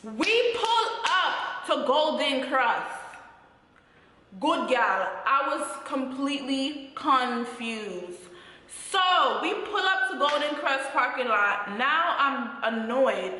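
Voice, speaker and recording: A young woman with a Jamaican accent telling a storytime vlog at home in a sassy, animated way. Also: high-pitched, takes it slowly, slight background noise. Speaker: vlogger. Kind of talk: casual storytime. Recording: very echoey room, long reverb.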